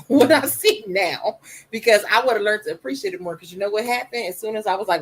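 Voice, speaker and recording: Soft-voiced woman, candid and emphatic. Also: mid-range voice, brisk, breathy edge, rough recording. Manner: emphatic, animated storytelling with repetition. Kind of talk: candid conversation.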